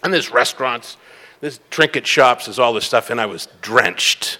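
A man's voice: mid-range voice, normal speed, bright, forceful tone, long reverb tail. A middle-aged man from the Boston area giving a rambling, self-mocking personal talk at a recovery meeting.

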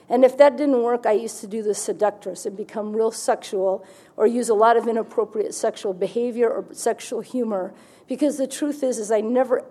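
A woman's voice: on the high side, darkish tone. A woman giving a candid personal testimony at a recovery meeting, telling her story vividly with wry humor.

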